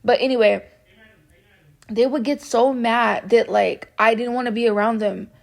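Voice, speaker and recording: Young woman, soft-spoken, bubbly, rambling fillers, slightly high voice, creaky fry. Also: fairly even intonation, a little slow. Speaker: vlogger. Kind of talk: casual storytime chat.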